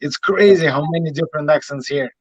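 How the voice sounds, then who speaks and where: A man's voice: fairly high pitch, fast, husky, no echo. A Russian-born man, a native Russian speaker with a slight Irish accent, talking frankly as a guest fighter in a casual interview, swearing freely and leaning on "you know". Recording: dull lo-fi dry sound.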